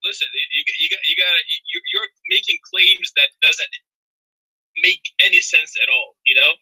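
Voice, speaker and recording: A man's voice: sits high, huge pitch swings, moderate pace, bright, forceful tone, slightly rough, no room sound, poor audio. A man calling in to a heated debate, answering hesitantly and defensively and stalling for time. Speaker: caller.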